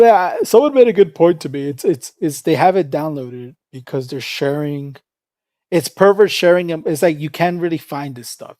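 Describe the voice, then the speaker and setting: A man's voice: fairly high pitch, a little mellow, no echo, clean studio sound. A man streaming live, chatting casually with his viewers in a rambling, profane way and laughing often. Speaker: livestreamer. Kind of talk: casual livestream chat.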